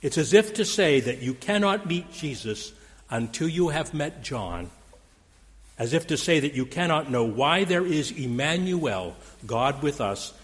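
A man's voice: a little high, lively intonation, a little slow, big-room sound. A man preaching a sermon, dramatic in delivery, quoting scripture with raised force. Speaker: pastor. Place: church sanctuary.

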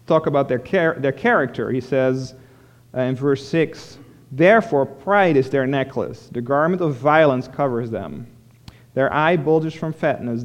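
A man preaching a sermon, explaining a scripture passage verse by verse in a plain, conversational way with frequent restarts. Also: mid-range voice. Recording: long hall reverb.

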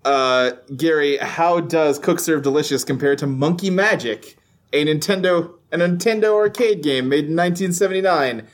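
A male podcast host with a slightly high voice chats casually, cracking jokes. He rambles along with plenty of ums and uhs. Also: moderate pace. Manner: jokey, rambling with fillers. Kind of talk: casual chat.

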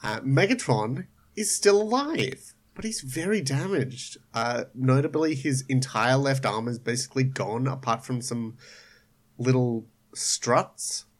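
A man's voice: mid-range voice, measured pace. A man casually recapping a cartoon plot on a podcast with friends, with frequent hesitations. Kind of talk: casual chat.

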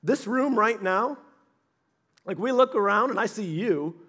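A man preaching a sermon to a congregation in an animated storytelling manner, acting out voices and stressing points loudly. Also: high voice, measured pace. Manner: animated, storytelling with acted voices, sudden loud emphasis. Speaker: pastor.

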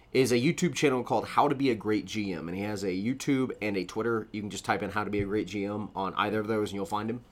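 A man co-hosting a casual podcast, rambling and animated, laughing often. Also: lowish voice. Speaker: podcast co-host. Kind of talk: casual chat.

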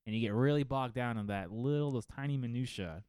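A man co-hosting a casual fantasy football podcast, telling stories in a lively, profane way from a home studio. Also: medium pitch, a little fast, smooth, dry recording. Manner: animated, profane storytelling. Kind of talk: casual chat. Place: home studio living room.

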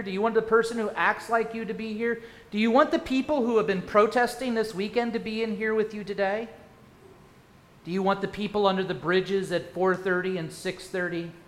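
A male pastor preaching a sermon, firing rhetorical questions and swinging from loud to hushed. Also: sits high. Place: church sanctuary. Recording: echoey church room.

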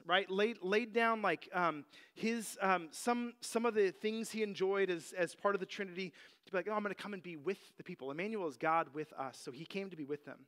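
A man teaching a Bible passage in a relaxed, conversational sermon, full of "like" and "you know". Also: high voice.

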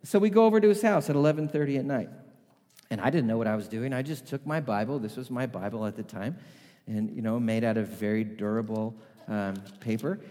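A man's voice: mid-range voice, fairly quick, mellow. Brief: male preacher, mid-range voice, chatty storytelling sermon, long hall reverb. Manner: conversational storytelling.

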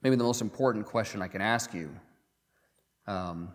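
A man preaching a sermon in a conversational way, often pausing with um and uh and repeating words as he goes. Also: on the low side, long reverb tail. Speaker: pastor.

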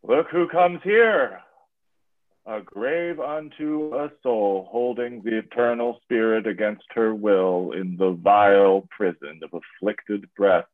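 Grave defeated king, measured declamation, slow, thin phone-like sound. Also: lowish voice. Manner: measured, declamatory verse delivery. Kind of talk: classical stage drama. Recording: tinny phone-like radio sound.

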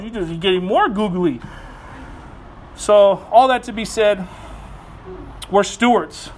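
A man in his thirties preaching a sermon, earnest and animated, telling family stories with quick asides. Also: high voice, a little hiss or hum. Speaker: pastor.

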